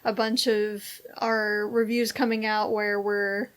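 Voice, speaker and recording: A woman's voice: mid-range voice, level tone, slow pace. A young pregnant woman co-hosting a movie review show, chatting casually with plenty of laughter and teasing. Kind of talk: casual chat.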